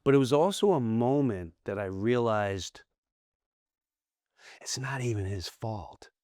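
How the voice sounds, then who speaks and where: A middle-aged American comedian, a guest on a podcast, speaks at medium pitch and an unhurried pace in clean studio sound with no echo. In this long-form interview he tells candid stories in animated bursts, often restarting and acting out quoted voices.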